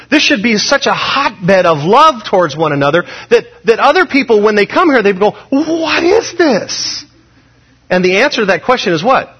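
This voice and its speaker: Man, pastor, sermon, animated and conversational, raspy, dull muffled sound. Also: high-pitched. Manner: animated, conversational preaching with sudden loud rises.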